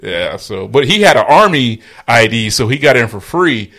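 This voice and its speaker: A man's voice: mid-range voice, sing-song, normal speed, a bit bright. Rambling, storytelling podcast man. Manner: rambling, trails off with "so". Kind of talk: casual storytelling.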